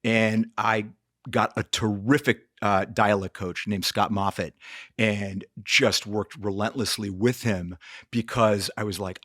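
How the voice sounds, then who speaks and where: A man's voice: on the low side, fairly even intonation, measured pace, a bit bright. A man who works as an actor, talking earnestly as a podcast guest and often acting out quotes in different voices. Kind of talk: casual interview talk.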